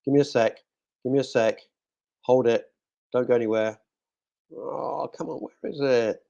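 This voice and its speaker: A man's voice: medium pitch, fairly even intonation, normal speed, vocal fry, warm tone, highs cut off. A male radio host chatting casually in a studio, cracking jokes and reading out listener messages. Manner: jokey, rambling, talks to himself.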